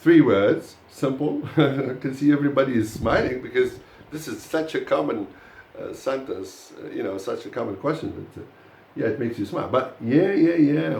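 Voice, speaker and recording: A man's voice: medium pitch, darkish tone, reverberant. A man teaching a live pronunciation lesson to a class, speaking to the students directly with many fillers and restarts.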